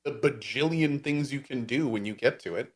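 A man co-hosting a podcast in casual chat, relaxed and making brief remarks. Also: medium pitch, moderate pace, breathy edge. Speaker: podcast co-host.

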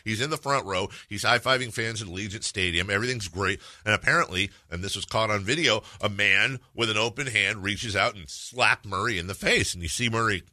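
A man in his forties from the Bay Area hosting sports talk radio, joking and quick to laugh as he chats. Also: fairly low pitch, bright, forceful tone, no echo. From San Francisco Bay Area. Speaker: radio sports show host.

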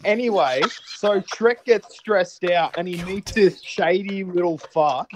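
High-voiced man telling a story. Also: slow pace, crowd noise. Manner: animated rambling storytelling with swearing. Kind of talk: casual chat.

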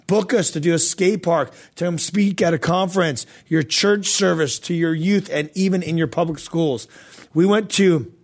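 A man hosting a podcast, telling a faith story in a loose, animated, slangy way with many fillers. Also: on the high side, moderate pace. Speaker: podcast host. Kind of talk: casual storytelling testimony.

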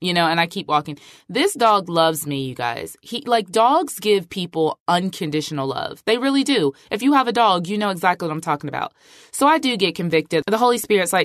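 A woman's voice: lowish voice, big pitch swings, fairly quick, no room sound, clean studio sound. Chatty, emphatic woman podcast host. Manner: chatty, emphatic, heavy use of filler like. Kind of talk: casual podcast monologue.

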